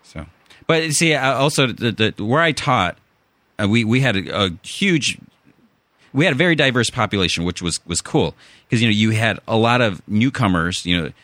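Low, bright-voiced man with a Chicago accent. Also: expressive, moderate pace, no room sound. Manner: rambling, many restarts and fillers. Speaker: podcast host. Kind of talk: casual chat.

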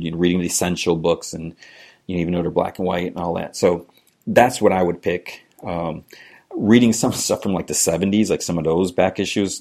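A man's voice: low voice, darkish tone, slightly rough. A man hosting a podcast alone, chatting casually and reading listener emails, rambling with lots of fillers. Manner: rambling, frequent "you know" fillers, chuckles. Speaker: podcast host.

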